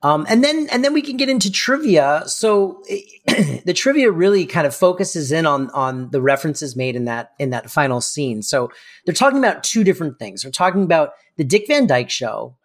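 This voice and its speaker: A man's voice: a little high, big pitch swings, normal speed. A man co-hosting a casual podcast, explaining with plenty of fillers and restarts. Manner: chatty, explains with frequent fillers. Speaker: podcast co-host. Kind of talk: casual TV recap chat.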